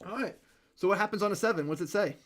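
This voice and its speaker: A man's voice: sits high, very fast. A man narrating as game master, loose and hesitant, with many fillers.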